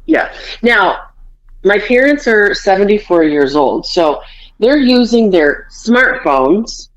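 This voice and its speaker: A woman's voice: mid-range voice, sing-song, slow pace, dull audio. A woman podcast host telling family stories in casual chat, swearing freely and acting out her parents' quarrels.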